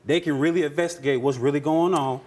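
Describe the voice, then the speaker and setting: A man's voice: a little high, steady tone, fast, darkish tone. A man who is a guest on a talk show, speaking in an earnest, wounded way and repeating himself. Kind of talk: emotional talk show testimony.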